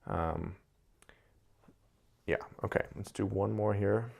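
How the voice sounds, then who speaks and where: A man's voice: on the low side, fairly even intonation, slow pace, creaky, darkish tone, husky. A man giving casual, thoughtful commentary on personality types, often repeating words as he searches for the right phrasing.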